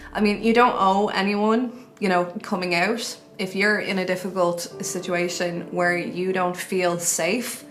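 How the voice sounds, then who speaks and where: A woman's voice: on the low side, a bit bright. A young woman with an Irish accent, telling her own story to camera in a candid, chatty way. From Ireland. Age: young adult. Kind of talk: personal testimony to camera.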